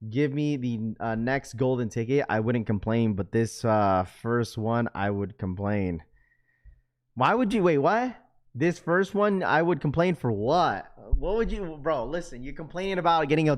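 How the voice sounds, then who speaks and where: A young man at a middle pitch, chatting casually through a live stream. He reads viewer comments aloud and answers them in loose, slangy talk. When he gets worked up, his voice jumps loud and high. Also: animated, moderate pace. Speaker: livestream host.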